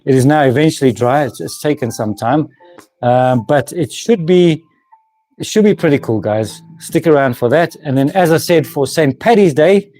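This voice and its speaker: Speaking at a moderate pace with a dark tone, this South African woodworking channel host sounds animated, his voice on the high side. He chats casually with live stream viewers, laughs a lot and restarts sentences. Faint music plays behind, picked up by the camera mic of a moving handheld camera.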